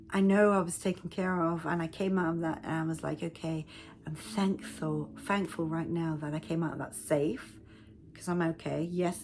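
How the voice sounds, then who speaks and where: Low-voiced woman telling a rambling story. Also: vocal fry, darkish tone, slight background noise. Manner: rambling, restarts often. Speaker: self-help speaker. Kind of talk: casual storytelling.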